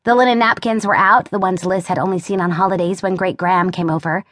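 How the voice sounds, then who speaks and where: A woman reading a contemporary novel as an audiobook narrator, with wry, expressive storytelling, recorded close in a studio. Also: lowish voice, fast, dry recording. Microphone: close studio mic.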